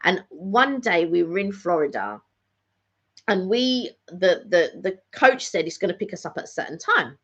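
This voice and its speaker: A middle-aged woman talks casually in a live vlog catch-up, rambling and repeating phrases as she goes. Her voice sits fairly low. The recording is dull and lo-fi. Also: sing-song, moderate pace, a bit bright, husky. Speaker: vlogger hosting a live catch-up. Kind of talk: casual chat.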